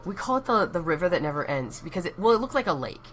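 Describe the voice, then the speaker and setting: A woman's voice: fairly low pitch, big pitch swings, fast talker, a bit bright, faint music behind. A young Texan woman chatting casually and rambling on a live stream, laughing at herself as she goes. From Texas.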